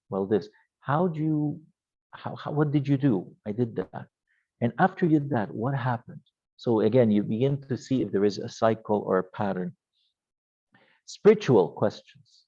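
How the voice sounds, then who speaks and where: A man lecturing a youth ministry class in a gentle, halting way, often restarting his sentences. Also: medium pitch, lo-fi sound.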